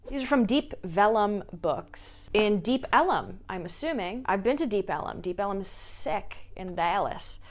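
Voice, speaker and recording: A woman talks through her book pile in a relaxed, casual vlog. She is playful and drops jokey asides between books, in a voice of ordinary pitch. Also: measured pace, few pauses. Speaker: book vlogger. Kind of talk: casual chat.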